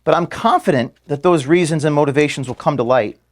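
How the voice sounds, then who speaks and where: A man recording an emotional statement to his staff from an office, earnest and close to tears, his voice sinking low and quiet at times. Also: fast. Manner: earnest, voice dropping low and quiet when moved. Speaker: organization founder addressing staff.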